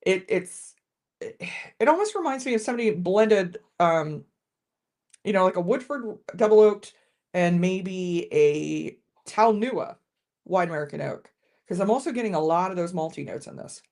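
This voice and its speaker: A woman's voice: fairly low pitch, lively intonation, moderate pace, darkish tone. A woman hosting a casual live-stream whiskey tasting, chatting with viewers and often restarting her sentences.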